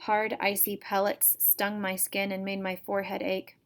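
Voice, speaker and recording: Woman reading a storybook in a flat, steady voice. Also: medium pitch, normal speed. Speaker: teacher reading to students. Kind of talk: first-person storybook read-aloud.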